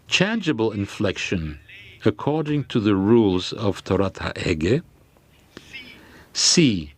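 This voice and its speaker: Slow, hesitant male lecturer. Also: on the low side. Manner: slow and hesitant, with frequent fillers and restarts. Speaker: lecturer on grammar. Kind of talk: halting lecture explanation.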